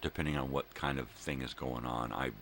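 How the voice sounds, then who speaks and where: An older man talks in a rambling, joking way full of laid-back slang, thinking aloud as he goes. His voice sits extremely low, with a gravelly rasp and a bright, tense edge. A faint hiss of noise runs underneath. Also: steady tone, a little fast. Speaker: daily show host. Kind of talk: rambling casual monologue.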